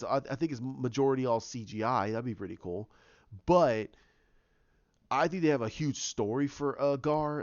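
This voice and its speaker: A man's voice: mid-range voice, a little mellow, smooth, no room sound, highs cut off. Guy rambling thru a tv episode review, lots of restarts, dry close sound. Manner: rambling, with many restarts and fillers. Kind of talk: casual spoken review.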